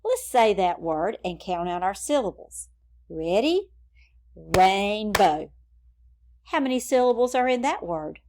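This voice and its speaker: A woman's voice: a little high, sing-song, noisy background. A woman teaching a phonics lesson to young children in an encouraging classroom manner. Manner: slow, encouraging, sing-song classroom delivery.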